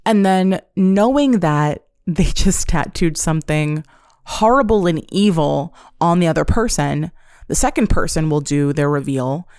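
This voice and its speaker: Woman podcast host, low voice, gravelly fry, dry close sound, sarcastic, swears a lot. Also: expressive, moderate pace, darkish tone, dry recording. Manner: profane, sarcastic, laughs while recapping. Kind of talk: casual solo podcast storytelling.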